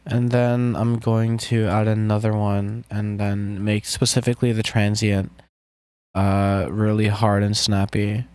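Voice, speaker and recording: A man's voice: lowish voice, measured pace, clean tone, dry recording. Casual man chatting while making beats. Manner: relaxed, jokey, talks to chat while working. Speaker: music producer streaming. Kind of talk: casual live-stream chat while producing music.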